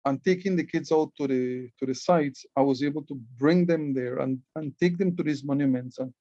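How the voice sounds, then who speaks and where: A Belizean-accented man talks through a presentation on ancient glyphs, earnest and patient, often doubling back on his words. His voice sits a little high for a man. The sound is dry and somewhat dull, like a close mic with muffled highs. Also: normal speed, mellow, dry recording. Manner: earnest, repeats words while explaining. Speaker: Maya writing club educator and guide. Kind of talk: presentation explaining hieroglyphs.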